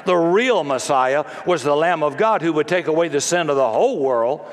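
A man preaching a sermon as pastor, dramatic, acting out crowd voices as he goes. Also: fairly high pitch. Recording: long hall reverb.

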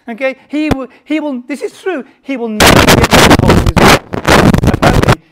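A woman preaching a sermon in a conversational way, asking many rhetorical questions and swinging from hushed to loud. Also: lowish voice. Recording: heavy background noise.

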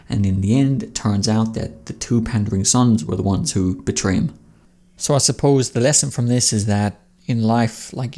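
A man's voice: on the low side, a little mellow. A man hosting a casual film commentary, talking loosely and conversationally with lots of filler phrases. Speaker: video essay host.

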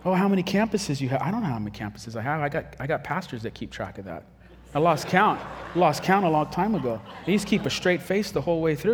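A man preaching a casual, humorous sermon, telling stories and acting out quick quoted voices. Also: on the high side, animated, big-room sound, a little hiss or hum. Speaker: pastor.

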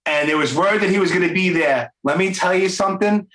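A man's voice: high-pitched, a little fast, few pauses, roomy sound, low-quality recording. A man with a thick Brooklyn accent hosting a podcast, telling stories animatedly in casual chat. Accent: Brooklyn, New York. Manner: animated storyteller, laughs easily. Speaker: podcast host.

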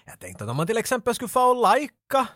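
A man's voice: very high voice, huge pitch swings, fast, a bit bright, no echo, clean studio sound. A man co-hosting a podcast who asks eager questions in a playful way. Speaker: podcast co-host. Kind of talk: casual interview chat.

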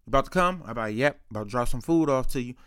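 A man's voice: medium pitch, rapid-fire, dry recording, studio quality. Laid-back young man telling a story. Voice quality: occasional throat clearing. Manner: loose, rambling, slangy, quotes others often. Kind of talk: casual storytelling.

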